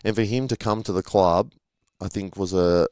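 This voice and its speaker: A man's voice: sits low, moderate pace, darkish tone, smooth, dry recording, studio quality. A middle-aged man, a former rugby league player, telling stories in a casual interview and acting out the voices of people he quotes. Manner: chatty, acts out quoted voices in anecdotes.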